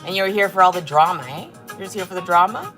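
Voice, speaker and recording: Over soft background music, this livestream host, a woman from Korea, talks quickly in a lowish, slightly bright voice. She reads out chat comments and ridicules them, sassy and swearing freely throughout the casual stream.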